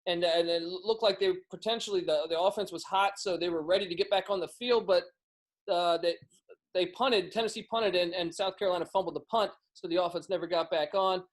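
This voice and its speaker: A man appearing as a guest over a video call, talking sports picks quickly and casually, often restarting his sentences. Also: high-pitched, steady tone. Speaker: sports betting podcast guest. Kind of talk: casual sports betting talk.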